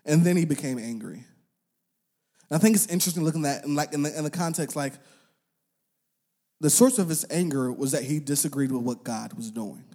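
A man's voice: on the high side, a little fast, long pauses. Casual young male preacher. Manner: conversational, uses slang and filler words; animated, acts out quoted voices. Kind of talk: casual sermon.

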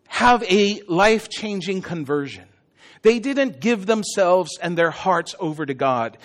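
Animated high-voiced male preacher. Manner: animated, conversational, asks the audience questions. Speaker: pastor. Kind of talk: sermon.

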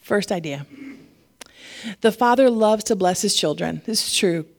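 A woman pastor preaching a sermon, animated and laughing often, getting emotional at times. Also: medium pitch, measured pace.

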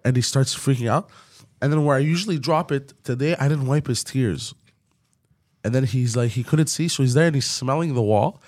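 A man's voice: mid-range voice, fairly quick. A man co-hosting a podcast, telling stories animatedly while getting over a sore voice. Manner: animated storyteller, says bro. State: recovering from a sore voice. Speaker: podcast co-host. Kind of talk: casual chat.

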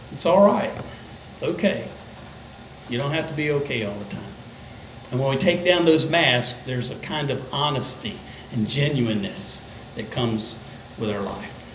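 An older man, a pastor, preaching a conversational sermon that dips into soft, low tones for emphasis. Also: echoey room, slight background noise, poor audio. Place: church sanctuary.

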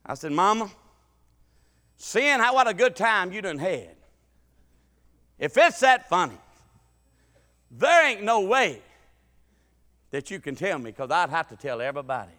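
A man's voice: sits high, sing-song, a little slow, long pauses, pushed and bright, big-room sound. A man preaching a folksy sermon, telling family stories with emphatic, stammering restarts. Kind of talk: sermon with storytelling.

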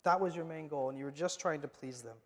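Man, pastor, emphatic sermon, high voice, echoing church hall. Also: fast. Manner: emphatic preaching, swings from loud to hushed. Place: church sanctuary. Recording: long hall reverb.

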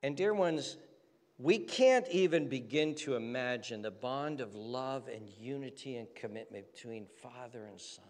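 A male pastor preaching a sermon with passionate repetition, dropping to hushed whispers at times. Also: mid-range voice. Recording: long hall reverb.

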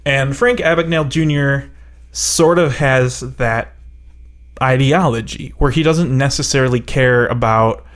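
A man's voice: medium pitch, a little slow. A man in casual chat about a movie, rambling and analytical with a joking streak.

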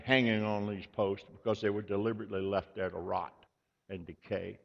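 A male pastor with a low, gravelly voice delivers an earnest, measured sermon and leans on repetition to drive his points home. The recording is dull and lo-fi, with a long reverb tail from a large church hall. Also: flat delivery.

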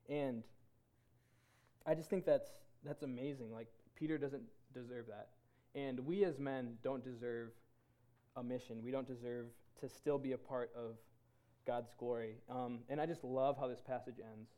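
Mellow-voiced man giving a casual sermon. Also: mid-range voice. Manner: earnest, halting, many restarts. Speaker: Bible study leader. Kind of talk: casual sermon to a men's group.

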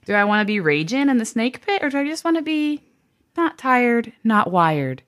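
Giggly woman in her twenties, lively voice. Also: on the high side, normal speed. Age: 20s. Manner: giggly, bouncy, laughs often. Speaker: podcast co-host. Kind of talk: casual chat. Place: home, weed whacker outside.

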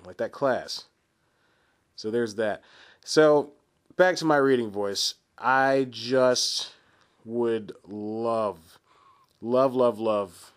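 A man in his twenties hosting a solo podcast, rambling and self-deprecating with frequent laughs and asides. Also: fairly low pitch. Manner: chatty, frequent restarts and asides. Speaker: podcast host.

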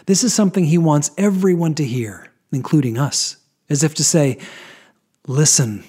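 A man giving a scripted Bible teaching, with dramatic pauses and emphatic drops in his voice. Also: on the high side, animated, dark tone, slightly rough.

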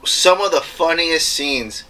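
A man chatting casually about a movie, retelling scenes with quick voice impressions and bursts of laughter. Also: on the high side, sharp tone, poor audio. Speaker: podcast co-host.

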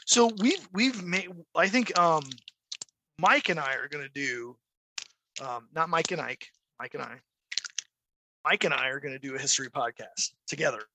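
A man's voice: fairly high pitch, moderate pace, no room sound, low-quality recording. A middle-aged man co-hosting a podcast in casual chat, telling stories and acting out quoted voices. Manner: animated storyteller, acts out quoted voices. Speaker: podcast co-host.

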